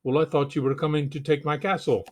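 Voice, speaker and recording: A man voicing a bossy, hot-tempered storybook king while reading a picture book aloud, in an indignant, shouting manner. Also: fairly high pitch, level tone, fast, close to an everyday voice.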